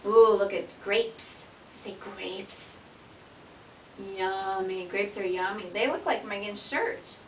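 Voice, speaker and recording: Woman, speech therapist, sing-song coaxing voice, slow and clear for a child; echoey room, far camera, noisy home video. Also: medium pitch. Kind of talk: coaching a child to say words.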